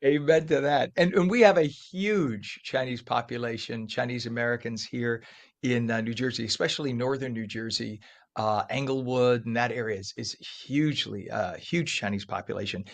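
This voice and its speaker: Chatty morning-show host man, gravelly. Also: medium pitch, normal speed. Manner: lively, chatty, apologetic asides. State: frog in the throat. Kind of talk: live traffic report and interview.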